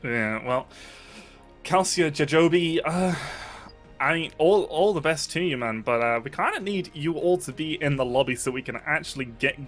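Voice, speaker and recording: A man commentating a live esports tournament in a measured, dryly teasing way. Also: a little high, animated, a bit bright, faint music behind. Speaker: esports caster.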